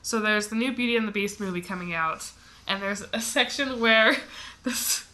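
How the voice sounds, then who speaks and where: Chatty bright-voiced American woman co-host. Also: medium pitch, normal speed. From United States. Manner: chatty, laughs often, lots of fillers. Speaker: podcast co-host. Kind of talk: casual chat.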